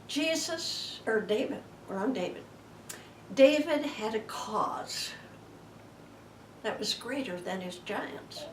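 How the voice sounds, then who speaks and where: A woman giving a homey, chatty Bible teaching, sometimes dropping to hushed tones. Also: medium pitch, a little hiss or hum. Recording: roomy sound from a distant mic.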